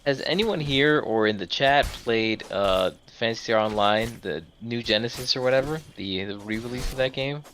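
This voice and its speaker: A man's voice: mid-range voice, normal speed, hardly any pauses, a bit bright, a little hiss or hum. A man on a gaming stream, casually chatting and asking curious questions over a voice chat mic. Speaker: gamer on stream.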